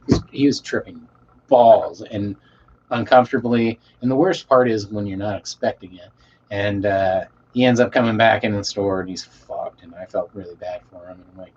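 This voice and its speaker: A man telling a rambling story to a live chat, swearing a lot and trailing off into quiet mumbles. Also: fairly low pitch, animated, normal speed. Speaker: streamer reading chat. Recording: dull lo-fi mic with faint hiss.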